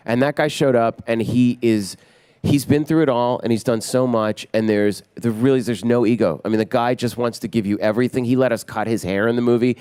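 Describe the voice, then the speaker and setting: A man in his forties, a film director telling lively anecdotes in an interview and acting out what others said. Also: medium pitch, a little fast, clear, resonant tone, no room sound. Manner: energetic anecdotes, acting out quotes. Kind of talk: animated storytelling in an interview.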